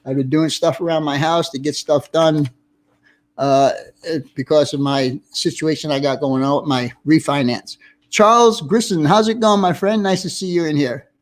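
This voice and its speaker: A man's voice: a little high, fairly even intonation, moderate pace. A man hosting a casual livestream, chatty and reading out viewer names with friendly greetings. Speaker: livestream host.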